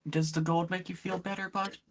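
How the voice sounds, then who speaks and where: A player in a tabletop game who talks gently and coaxingly. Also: mid-range voice, level tone, fairly quick. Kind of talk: tabletop role-play.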